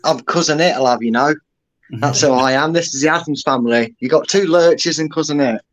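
Joking male podcast co-host, fairly high voice. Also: brisk, rough recording. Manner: joking, self-deprecating banter. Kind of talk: casual chat.

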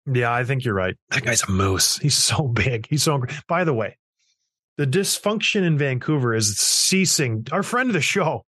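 Excitable man hosting sports talk. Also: medium pitch, slightly rough, no room sound. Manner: excitable, rapid-fire questions. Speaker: sports talk show host. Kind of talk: casual hockey chat.

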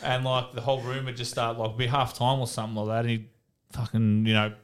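A man's voice: medium pitch, little pitch movement, quick pace, clear, resonant tone. A man with an Australian accent telling coaching stories in casual chat, swearing freely and laughing as he goes. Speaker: former professional footballer.

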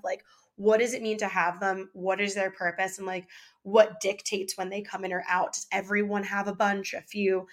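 Fast-talking woman podcast host. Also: medium pitch, fairly bright tone. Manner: casual, swears, says "like" a lot. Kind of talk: casual podcast chat.

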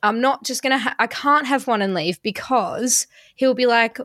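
A woman's voice: fairly high pitch, normal speed, fairly bright tone, no echo, studio quality. A young woman hosting a podcast, chatting enthusiastically with a guest and reading out questions. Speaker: podcast host. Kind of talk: casual chat.

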